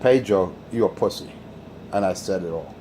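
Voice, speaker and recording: A man's voice: sits low, moderate pace, mellow, slight background noise. A man hosting a crude, taunting radio rant. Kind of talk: insult-heavy radio rant.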